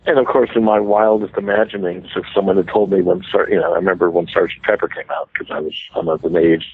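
American guest in his 60s, deep husky voice, dry phone-line sound, rambling anecdotes. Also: steady tone, quick pace, dry recording. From United States. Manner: chatty, self-deprecating, laughs easily. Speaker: guest musician. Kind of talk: casual storytelling interview.

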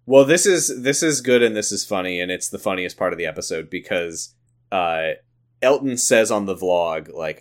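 A man's voice: low-pitched, expressive, normal speed. A man co-hosting a podcast, casually recapping a TV episode with jokes and retold scenes. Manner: joking, retells scenes with acted quotes. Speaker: podcast co-host.

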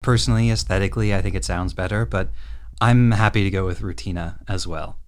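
Male podcast co-host, lowish voice, wry dry delivery. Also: fairly even intonation, brisk. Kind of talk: casual podcast discussion.

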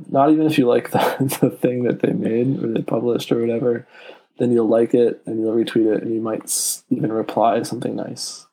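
Gravelly, dark-toned man, rambling podcast chat. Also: medium pitch, low-quality recording. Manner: rambling, apologetic, laughs often.

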